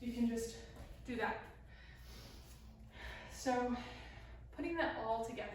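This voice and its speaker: A woman's voice: a little high, slow, a little hiss or hum. Young woman teaching dance in an echoey room. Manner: talks while demonstrating moves, counting and singing lyric snippets. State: out of breath. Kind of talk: casual dance tutorial instruction. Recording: very echoey room, speaker far from mic.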